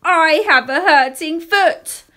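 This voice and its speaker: Woman doing a shouting, cranky little girl. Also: very high voice, pitched above the performer's own voice, heavily acted. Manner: shouting, whiny, drawn-out.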